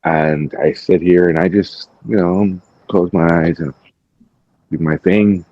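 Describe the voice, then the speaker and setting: A podcast host with a very low voice tells a story in lively casual chat and swears freely. The sound is dry and slightly dull. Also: male voice, unhurried, dry recording. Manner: animated storytelling, acting out quotes, frequent swearing.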